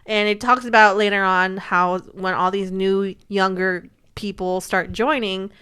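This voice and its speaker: A woman co-hosting a casual movie review chat, chatty and quick to laugh. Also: medium pitch, fairly even intonation, bright, forceful tone, clear, resonant tone. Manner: laughs easily, chatty, brief backchannels.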